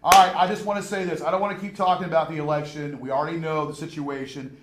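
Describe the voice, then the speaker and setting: Loud brash guy hosting a live tv show, roomy echo, kinda high voice. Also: steady tone, fast. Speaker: host. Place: small studio. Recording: echoey room from far off.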